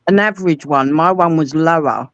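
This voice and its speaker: A woman's voice: deep voice, normal speed, dry recording. Cockney lady, 40s, yakking away with anecdotes, muffled dry lo-fi sound. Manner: chatty anecdotal storyteller. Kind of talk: casual chat.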